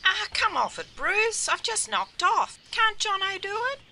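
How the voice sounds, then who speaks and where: A man's voice: very high voice, animated, unhurried, vocal fry, sharp tone, pitched above the performer's own voice, heavily acted. A man voicing a bossy, cheeky Australian woman in a comedy skit, with an Australian accent. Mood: indignant.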